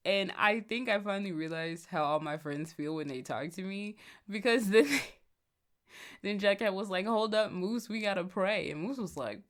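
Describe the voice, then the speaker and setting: A woman hosting a podcast, chatting casually and joking as she reviews comics, often breaking into laughter. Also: lowish voice. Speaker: podcast host.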